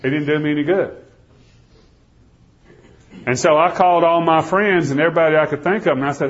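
A man preaching a sermon, telling a first-person story, swinging from loud pleading to hushed, near-whispered lines. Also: on the high side, brisk, pauses often. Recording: dull lo-fi recording.

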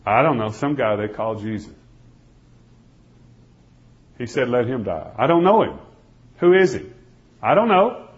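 A man preaching a sermon, telling a first-person story, swinging from loud pleading to hushed, near-whispered lines. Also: mid-range voice, very animated, unhurried, long pauses. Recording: dull lo-fi recording.

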